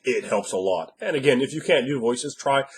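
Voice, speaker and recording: A man speaking as a game master, giving blunt, emphatic tips with frequent swearing, slightly hoarse after a cold. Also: medium pitch, animated, moderate pace, a little hiss or hum. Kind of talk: instructional monologue.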